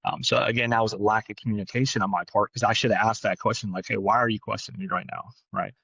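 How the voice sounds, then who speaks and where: A man's voice: on the low side, fairly even intonation, gravelly, fairly bright tone, husky, no echo, muffled recording. A man co-hosting a podcast, telling a work story in a blunt, casual way, often tagging lines with "right?" and swearing now and then. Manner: fast, blunt, peppered with "right?". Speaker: podcast co-host, dog trainer.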